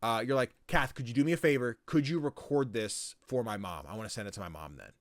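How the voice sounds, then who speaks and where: A man's voice: mid-range voice, fast, dry recording, clean studio sound. A man co-hosting a podcast, casually recapping a story game, rambling with lots of filler words and frequent swearing. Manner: rambling, swears freely, lots of likes and ums. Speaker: podcast co-host.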